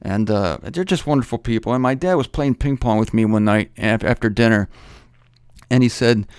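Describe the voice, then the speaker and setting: A middle-aged man teaches the Bible in a loose, conversational way, joking as he goes and pausing to correct himself. His voice sits at an ordinary pitch for a man. The recording is dry, with no room sound. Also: a little mellow, clean tone, dry recording.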